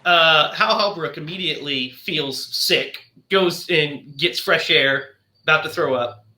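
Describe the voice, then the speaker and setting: Male podcast host, bright and forceful, fairly high, animated plot recapper in an echoey room. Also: unhurried. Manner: animated storyteller who acts out the characters' lines. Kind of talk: casual movie discussion, retelling the plot. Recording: roomy echo.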